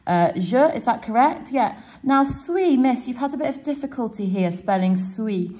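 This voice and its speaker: Animated and fairly high-pitched with a dark tone, a woman teaching French demonstrates to her class how to quiz themselves. She goes step by step at normal speed, offering plenty of encouragement.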